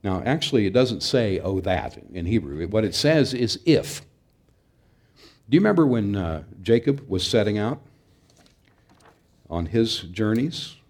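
Lower-voiced man preaching earnestly. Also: very animated, measured pace, long pauses, a little mellow. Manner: earnest, emphatic, with occasional restarts. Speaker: pastor. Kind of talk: sermon.

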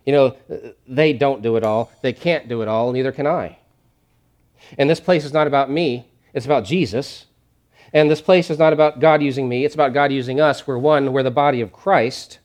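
A man preaching a sermon as a pastor from behind a church podium, emphatic and repeating his key lines, dropping to a hush and then rising loud. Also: medium pitch, normal speed.

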